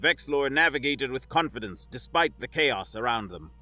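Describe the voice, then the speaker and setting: Bright, dry male sci-fi narrator. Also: mid-range voice, animated, normal speed, dry recording, faint music behind.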